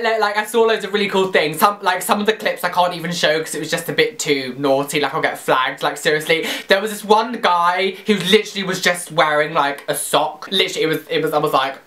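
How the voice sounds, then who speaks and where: A young man vlogging, telling a story to camera in a gushing, excitable way, swearing freely and packing his speech with fillers. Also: sits high, fast, few pauses. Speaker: YouTube vlogger.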